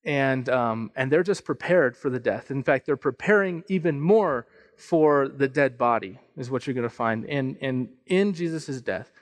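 A man in his thirties preaching a sermon, telling a personal family story in an animated way, often restarting and repeating phrases. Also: unhurried. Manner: storytelling, animated, rises in pitch and volume at emotional peaks. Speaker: pastor.

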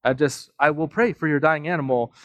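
A man with a slightly high voice preaches to his congregation, spinning a personal story with self-deprecating humor and lots of casual asides. The sound is dry and close, with little room echo. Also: a little fast, dull audio. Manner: animated, with frequent fillers and asides. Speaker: pastor. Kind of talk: sermon.

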